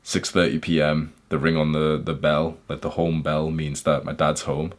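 A man from England, hosting a podcast, candidly recounting his childhood in an intense, halting way. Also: rumbling low, little pitch movement. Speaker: podcast host. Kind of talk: personal storytelling monologue.

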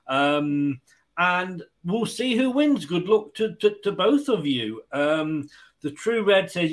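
A man hosts a casual online football quiz with a slightly high voice. He talks in a loose, jokey way and laughs often between questions. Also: lively intonation, slow pace. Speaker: quiz host.

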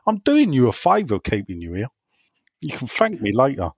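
Jokey bloke on a footy podcast, goes up and down a lot, no room sound. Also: male voice, medium pitch, huge pitch swings, normal speed, slightly rough, no echo. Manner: mocking, blunt and jokey. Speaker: podcast co-host. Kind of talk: casual football podcast banter.

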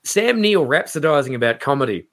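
A man, a stand-up comedian, chatting on a podcast and acting out quoted people in raised, lively voices. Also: on the high side, brisk. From Australia. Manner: animated storyteller, acts out quotes in raised voices. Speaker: comedian guest. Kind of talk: casual podcast chat.

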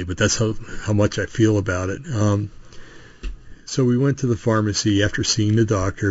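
Man, low voice, rambling opinionated host monologue, dry dull lo-fi sound. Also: dry recording. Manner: rambling, full of restarts and asides. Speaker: podcast host.

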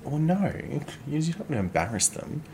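A man's voice: on the high side, big pitch swings, a little fast, darkish tone, a little hiss or hum. A man co-hosting a podcast, chatting frankly and animatedly, swearing freely and laughing often. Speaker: podcast co-host. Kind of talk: casual, frank chat.

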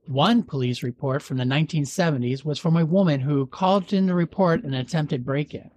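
A man hosting a podcast, reading a local legend aloud in a measured storytelling manner with dry jokes. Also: mid-range voice, a little mellow, no room sound. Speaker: podcast host.

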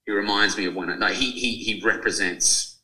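Bright-voiced Australian man telling stories. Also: fairly low pitch, brisk, poor audio. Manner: animated storyteller, acts out quoted people. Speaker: author and journalist guest. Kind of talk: casual interview, reading from his book.

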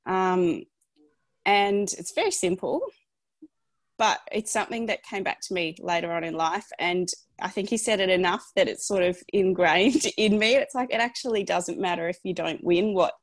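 Aussie woman, 30s, lowish voice, dry remote podcast sound, reflective storytelling. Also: normal speed, no room sound. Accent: Australian. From Tasmania, Australia. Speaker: guest, lawyer. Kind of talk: casual podcast interview. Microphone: remote online recording.

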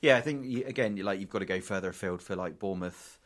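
A man's voice: low-pitched, fast talker. A man co-hosting a casual podcast, rambling and swearing freely. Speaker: podcast co-host.

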